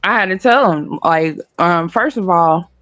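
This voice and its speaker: A woman talking in a casual chat, telling animated stories and swearing freely. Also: lowish voice, measured pace, dry recording, highs cut off. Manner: animated, profane storytelling.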